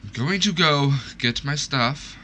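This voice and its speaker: In a slightly high, animated voice that's bright and forceful, a young streamer talks unhurriedly to the game during live play. As things go wrong he gets panicky and self-mocking. Slight background noise is present.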